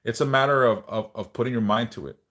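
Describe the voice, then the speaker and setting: A fast-talking man with a medium-pitched voice leads prayers on his livestream before moving into relaxed small talk. He curses casually and reads out what viewers type. He brings up his stutter, and word repeats crop up in his speech.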